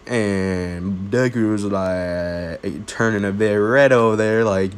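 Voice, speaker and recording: Young man, storyteller, rambling, jokey, slow, low voice. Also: a little hiss or hum. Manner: rambling, full of fillers and restarts, jokey. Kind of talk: casual improvised fan-fiction storytelling.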